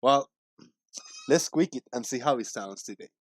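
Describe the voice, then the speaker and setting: A man's voice: medium pitch, moderate pace, slight background noise. A man hosting a live chat stream, upbeat and greeting his viewers one by one by name. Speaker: livestream host.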